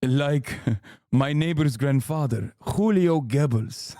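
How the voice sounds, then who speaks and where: A man voicing a mock Argentinian man with a thick, slow put-on accent. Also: a little high, dark tone, no echo, studio quality. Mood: indignant.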